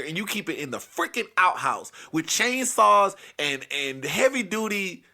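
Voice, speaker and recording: A man hosting a comedy podcast and telling a family story with animated, emphatic swings in loudness. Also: sits high, unhurried, few pauses. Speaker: podcast host.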